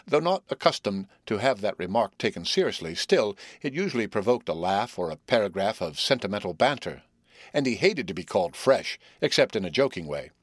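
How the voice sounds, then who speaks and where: A man reading a story aloud as narrator, in a measured, even way. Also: on the low side, no room sound, clean studio sound. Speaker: audiobook narrator. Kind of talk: scripted narration.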